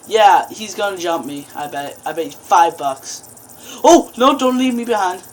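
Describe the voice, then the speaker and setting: A woman's voice: on the low side, animated, measured pace. A woman doing horror game commentary, jumpy, breaking into screams and laughs at the scares. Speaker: gaming video host.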